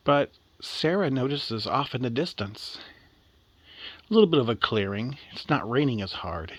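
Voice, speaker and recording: A man's voice: mid-range voice, lively intonation, normal speed, fairly bright tone, dry recording. A man telling a story aloud in a casual, rambling, slangy way.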